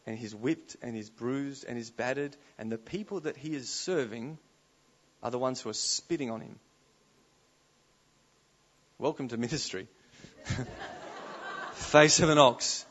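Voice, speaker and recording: A male preacher delivering a sermon, his delivery swinging between hushed storytelling and sudden loud declarations. His voice sits at a medium pitch, and the live recording sounds a little dull and muffled. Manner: animated, swings from soft to loud exclamations. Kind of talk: conference sermon.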